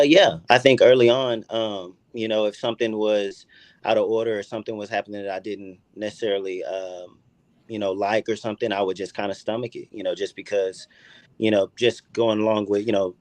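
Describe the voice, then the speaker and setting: A man speaking as a podcast guest, soft-spoken and hesitant. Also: lowish voice, fairly even intonation, a little fast, dry recording. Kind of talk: casual podcast conversation.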